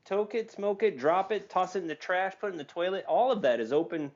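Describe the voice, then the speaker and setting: A man's voice: high voice, animated, fairly quick, highs cut off. A man in a casual podcast chat, teasing and arguing his side over a video call. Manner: teasing, argumentative. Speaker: guest.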